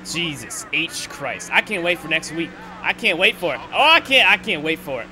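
A man's voice: on the high side, expressive, moderate pace, soft background music. A young man giving live gameplay commentary, ranting with exasperation and heavy swearing. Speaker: gaming commentator. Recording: loud game engine noise underneath.

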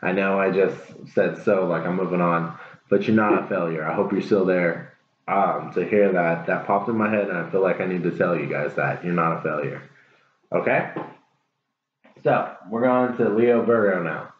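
A man's voice: low voice, moderate pace, slight background noise. A man giving a casual tarot reading to his viewers, earnest, encouraging and rambling. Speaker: tarot reader. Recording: echoey room, dull lo-fi sound.

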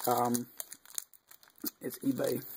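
A man giving casual unboxing commentary, reading off cards one by one with easygoing, mildly excited asides and fillers. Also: mid-range voice, very slow, vocal fry, slight background noise. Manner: easygoing, reads off cards one after another. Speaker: video creator opening card packs.

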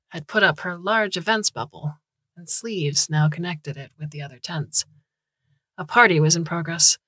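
A woman narrating a science fiction short story in a calm, even storytelling manner. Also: on the low side, dry recording. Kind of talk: scripted audiobook narration.

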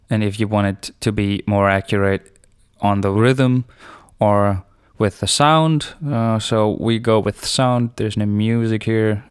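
A man walks through a software tutorial at an unhurried pace, his voice smooth and clear. He explains each step casually, without a script. The sound is close and dry, with no room around it. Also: fairly low pitch, dry recording. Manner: relaxed, explanatory, unscripted with fillers. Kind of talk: screencast tutorial narration.

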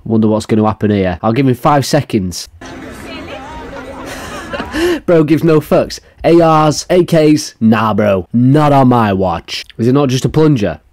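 A young man rambles through meme clips in a crude, joking way. His pitch swings a lot, up and down. The sound is dry and close. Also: expressive, slow pace, long pauses, a little mellow, no echo. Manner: crude, jokey, rambling with restarts. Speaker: meme reaction streamer. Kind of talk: casual meme reaction commentary.

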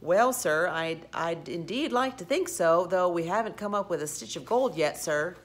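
A woman's voice: fairly low pitch, lively intonation, moderate pace, close to an everyday voice. A woman doing a polite cat officer. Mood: deferential. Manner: polite and deferential. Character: polite male cat officer, deferential to his superior.

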